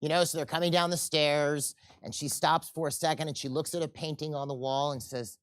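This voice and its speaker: A presenter leading a sales seminar in a relaxed, chatty way, stopping often to ask the room questions and drift into side stories. The voice sits at an ordinary middle pitch. The recording is close and dry. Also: brisk, hardly any pauses, no echo. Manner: casual, asks the audience questions, tells anecdotes. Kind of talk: conversational seminar lecture.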